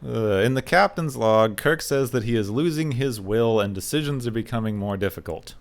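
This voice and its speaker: A man hosting a podcast in casual chat, recapping an episode in a wry, steady way. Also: mid-range voice, normal speed. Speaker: podcast host.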